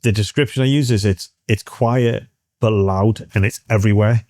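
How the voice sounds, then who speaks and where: A British man in his forties, a military veteran telling a story in an interview, halting and restarting as he acts out what others said. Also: lowish voice, steady tone, darkish tone, no room sound, studio quality.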